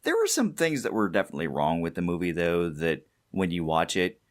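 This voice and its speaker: Deep-voiced man co-hosting a movie podcast. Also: sing-song, brisk. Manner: laughs often, chatty movie riffing. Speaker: podcast co-host. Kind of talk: casual chat.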